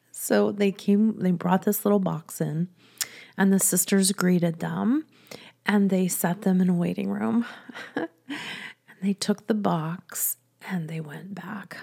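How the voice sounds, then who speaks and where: A woman telling a personal story in a chatty, soft-spoken way, often laughing between sentences. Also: lowish voice, vocal fry. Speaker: business coach and podcast host.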